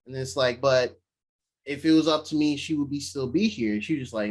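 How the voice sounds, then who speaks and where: A man co-hosting a podcast, casually recapping an episode and acting out the characters' lines in quick voices. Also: mid-range voice. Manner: animated retelling, slipping into quick voices for the characters. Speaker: podcast co-host. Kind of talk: casual chat recapping a show.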